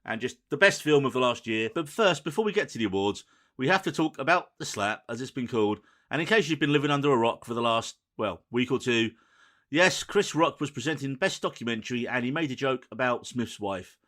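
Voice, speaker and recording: Bright-voiced male podcast host. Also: medium pitch, lively intonation. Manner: brisk, runs the show, teasing. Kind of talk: casual podcast chat.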